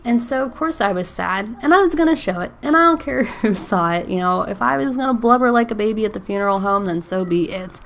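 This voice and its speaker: A woman's voice: mid-range voice, fairly quick, hardly any pauses, a bit bright, a little hiss or hum. A woman in her thirties hosting a faith podcast alone, chatting casually with many "like"s and small laughs, at times close to tears. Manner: chatty, frequent "like" and "um", laughs between thoughts. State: emotional, near tears. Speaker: podcast host.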